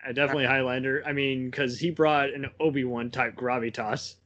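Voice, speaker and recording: A man's voice: mid-range voice, fairly even intonation, fairly quick, a bit bright, highs cut off. A young man co-hosting a casual film podcast, rambling and laughing often as he talks. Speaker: podcast co-host.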